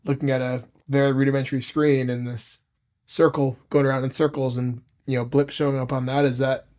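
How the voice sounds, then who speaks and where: A man's voice: mid-range voice, flat delivery, fairly quick, darkish tone. A man with a mid-range voice asks a guest questions in a casual podcast chat. He sounds curious and lets his questions wander before reaching the point.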